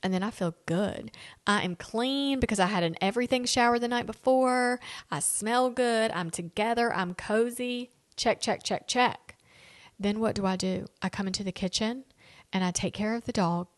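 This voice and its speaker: A woman's voice: a little high, normal speed. A woman in her late thirties hosting a solo podcast, chatting candidly and directly to her listeners in a casual, homey way. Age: 30s. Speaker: podcast host. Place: home lounge.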